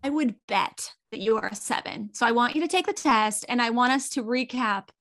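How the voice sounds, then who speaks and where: A young woman with a somewhat high voice chats casually as a podcast guest. She is animated and emphatic, sharing stories with easy laughter and confident energy. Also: a little fast. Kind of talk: casual chat.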